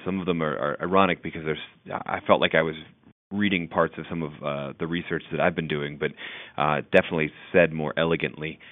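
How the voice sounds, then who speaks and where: Very deep-voiced man on a tinny line. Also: no room sound. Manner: enthusiastic, halting with fillers. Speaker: podcast host. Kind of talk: interview questions. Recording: dry phone-like line.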